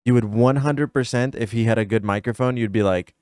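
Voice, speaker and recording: A man's voice: medium pitch, brisk, a little mellow, no room sound, clean studio sound. A man streaming a casual reaction to a video, nitpicky and emphatic as he talks straight to his viewers.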